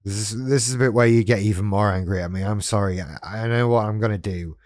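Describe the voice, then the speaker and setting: On his own YouTube channel about life with BPD, a man addresses viewers directly in a casual, wry and self-deprecating talk to camera. His voice is on the low side with a darkish tone, he talks fast, and the recording is dry and studio quality.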